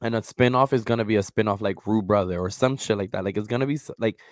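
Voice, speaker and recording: A man co-hosting a podcast in casual chat, talking in an animated, profane way. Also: fairly low pitch, fast, no room sound. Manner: animated, profane, swings into loud mock voices. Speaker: podcast co-host.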